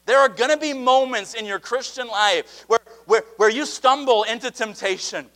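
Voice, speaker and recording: Man, preacher, sermon, high voice, bright tone, animated delivery, soft asides. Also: normal speed. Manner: animated preaching with sudden drops to near-quiet asides; acts out voices in retelling Bible stories.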